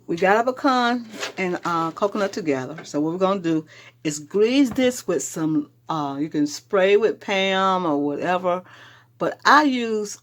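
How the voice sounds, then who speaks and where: A chatty Southern woman walks viewers through a recipe in her own kitchen, her voice sitting on the low side. Clear kitchen noise of handling and rustling runs behind her. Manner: chatty, addresses viewers as y'all. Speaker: home cooking show host. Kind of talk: casual cooking demonstration. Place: home kitchen.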